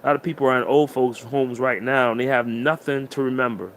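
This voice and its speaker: A man's voice: mid-range voice, fairly even intonation, a little fast, a little hiss or hum. A man giving an emotional, preachy motivational monologue straight to the listener. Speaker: motivational speaker.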